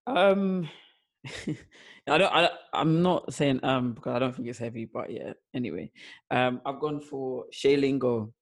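This radio show co-host has a mid-range voice with some vocal fry and speaks a little slowly. He chats casually while presenting songs on a music show, laughing easily and filling his hesitations with frequent ums.

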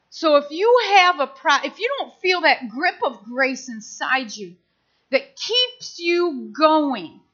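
Woman, middle-aged, pastor, impassioned conversational sermon, high voice, slightly muffled recording. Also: pushed and bright. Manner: impassioned, conversational preaching with acted-out quotes.

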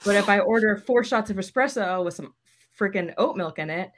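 A woman's voice: mid-range voice, brisk. A woman guest on a podcast with a mid-range voice. She explains things in a loose, chatty way. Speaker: guest, media relations. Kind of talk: casual chat.

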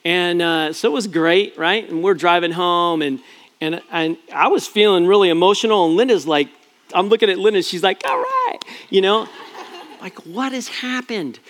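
High-voiced pastor telling a family story. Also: male voice, normal speed, fairly bright tone. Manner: chatty and self-deprecating, many fillers and restarts. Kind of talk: storytelling sermon.

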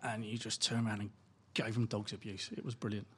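A man's voice: on the low side, level tone, fairly quick, fairly bright tone, husky. A man appearing as a first-time podcast guest, reminiscing in short bursts about an old match. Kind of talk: casual podcast chat.

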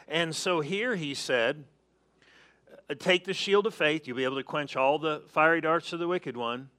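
A man's voice: fairly high pitch, moderate pace, sharp tone. A man preaching a sermon as pastor, emphatic, calling on the congregation to answer and repeating key phrases.

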